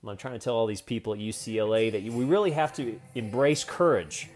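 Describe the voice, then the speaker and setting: A man in his forties talks through a day trading lesson in a loose, chatty way, tossing in profane jokes. His pitch sits in the middle range. Faint music plays behind him. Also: a little fast, a little mellow. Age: 40s. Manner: loose, profane, joking asides. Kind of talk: casual video lesson.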